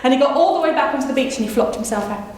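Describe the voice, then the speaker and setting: A woman's voice: high-pitched, lively intonation, rapid-fire. A woman storyteller performing live for a small audience, playful and teasing. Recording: echoey room with faint hum.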